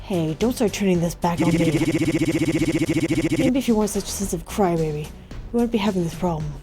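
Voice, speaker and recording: A woman voicing an angry, hostile young man who shouts and swears while reading game dialogue aloud. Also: on the low side, a little fast, music in the background, natural voice. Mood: furious.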